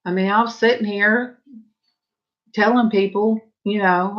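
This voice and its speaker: A woman's voice: medium pitch, steady tone, measured pace. An older woman with a Southern US accent, hosting a casual livestream and chatting with viewers in a rambling, folksy way that breaks off to answer comments. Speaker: host of a painting livestream. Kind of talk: casual chat with live viewers. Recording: dull lo-fi livestream audio.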